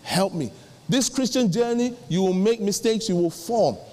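A middle-aged male pastor preaching, acting out little dialogues with sudden jumps in pitch. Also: normal speed, darkish tone. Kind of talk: sermon. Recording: long hall reverb.

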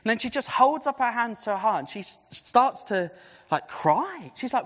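A preacher tells a story from the pulpit with lively shifts of pace. The voice rings out with a long reverb through a large church. The recording sounds dull and muffled. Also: medium pitch, normal speed. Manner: animated, vivid storytelling with swings of pace. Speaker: preacher and city centre chaplain. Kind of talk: storytelling sermon.

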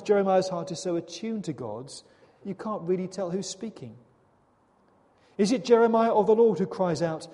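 Male preacher, high pitched, earnest and questioning, reverberant hall sound. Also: dark tone. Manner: earnest, dramatic, with rhetorical questions. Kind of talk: sermon.

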